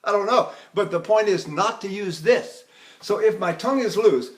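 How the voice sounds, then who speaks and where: Older male voice teacher, chatty and high. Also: lively intonation, normal speed. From Texas. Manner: chatty, demonstrating with sung vowels and anecdotes. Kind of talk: recorded vocal technique lecture.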